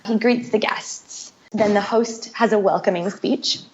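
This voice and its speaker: A woman's voice: medium pitch, fairly even intonation, a little slow, a little mellow, a little hiss or hum. A woman guest in a casual interview, explaining things in a chatty way with frequent repeats. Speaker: podcast guest. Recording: dull lo-fi sound.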